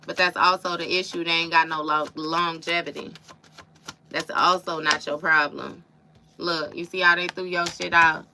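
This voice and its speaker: A woman's voice: fairly low pitch, little pitch movement, normal speed, background noise. A woman doing a live tarot reading, talking to her viewers in a casual, emphatic, slangy way. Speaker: tarot reader.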